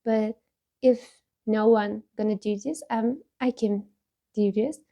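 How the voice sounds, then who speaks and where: Slow, mellow-voiced woman vlogger. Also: mid-range voice, fairly even intonation, muffled recording. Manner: halting and candid, with frequent laughs and restarts. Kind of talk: casual talk while taking a personality test.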